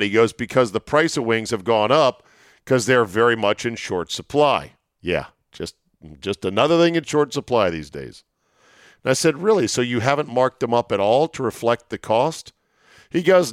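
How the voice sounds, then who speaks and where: A man's voice: mid-range voice, clean tone, no room sound. Chatty male talk host, dry sound. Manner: chatty, storytelling, wry asides. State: voice going hoarse. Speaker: sports radio host. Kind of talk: solo monologue, casual chat.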